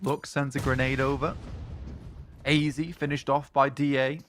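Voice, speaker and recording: A man giving color commentary on an esports match, with slow, joking analysis. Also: medium pitch, level tone, soft background music. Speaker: esports co-caster. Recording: faint game noise behind.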